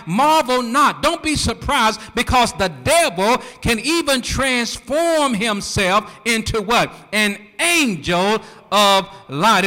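Preacher, male, very high bright voice, rhythmic call-and-response delivery, church with long reverb. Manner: rhythmic, rising to shouts, quizzing the congregation. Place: church sanctuary.

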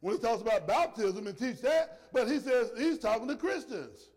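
High-voiced preacher man in a reverberant hall. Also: expressive, moderate pace. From rural area. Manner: emphatic preaching, swings between shouting and soft low asides. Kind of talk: sermon.

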